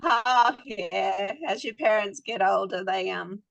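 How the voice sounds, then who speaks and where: A woman's voice: mid-range voice, slow, creaky, fairly bright tone, dry recording. A woman taking part in a workshop, agreeing and adding chatty asides. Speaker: workshop participant. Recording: dull, dry, lo-fi sound.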